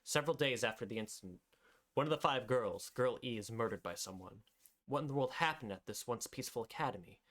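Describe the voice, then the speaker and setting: A man's voice: medium pitch, lively intonation, quick pace, fairly bright tone. A man streaming a game with friends, reading its story text aloud. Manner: stumbles, then reads narration smoothly.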